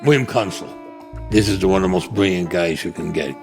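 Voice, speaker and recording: Over music, a Brooklyn, New York man in his seventies speaks in a low, fairly quick, creaky voice. In a recorded interview, he bluntly and profanely recounts his own life, acting out other people's voices as he goes.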